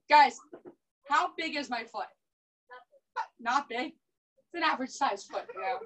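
Karate instructor, young woman, high bright voice, brisk commanding drill cues over a video call. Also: distant mic, low-quality recording.

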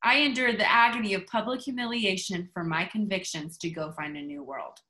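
A woman reading aloud and voicing a bold, excited male explorer in a booming, theatrical way. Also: fairly quick, lightly acted. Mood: proud. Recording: roomy echo on a video call.

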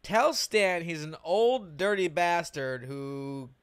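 A man's voice: fairly high pitch, slow, clear, resonant tone. A man co-hosting a podcast, joking around and chatting casually with a guest. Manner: lively, joking, talks in bursts. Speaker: podcast co-host. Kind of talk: casual studio chat.

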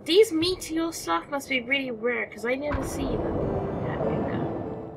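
A woman with a high-sitting voice does casual let's-play commentary at an unhurried pace, chatting, talking to the game creatures, and exclaiming or muttering as she plays. Music plays behind her voice, and there is background noise.

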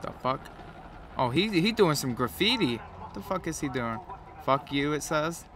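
A man's voice: a little high, sing-song, normal speed. A man with a cold giving profane, joking play-by-play commentary while playing a game. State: has a cold. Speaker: gamer commentator.

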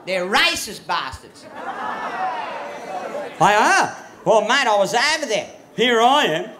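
Brash Australian stand-up comic, profane and loud, recorded live over heavy crowd noise. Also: male voice, high voice, very animated, slow pace. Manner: crude, profane, shouting punchlines. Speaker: stand-up comedian. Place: comedy venue with audience.

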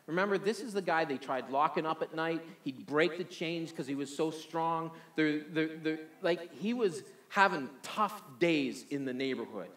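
A man's voice: a little high, normal speed, few pauses, a bit bright, roomy sound. A man preaching a sermon energetically, often repeating words as he restarts. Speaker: pastor.

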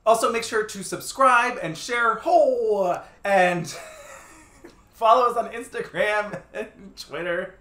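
A woman co-hosting a casual review podcast, upbeat and quick to laugh, also reading sponsor and support plugs. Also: mid-range voice, fairly bright tone, echoey room. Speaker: podcast co-host. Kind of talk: casual chat and sponsor reads.

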